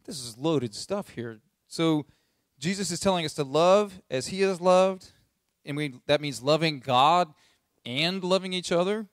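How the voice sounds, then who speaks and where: A man's voice: a little high, measured pace, no room sound, clean studio sound. Casual, emphatic male preacher. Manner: casual and emphatic, repeats key lines for stress. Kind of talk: conversational sermon with scripture reading.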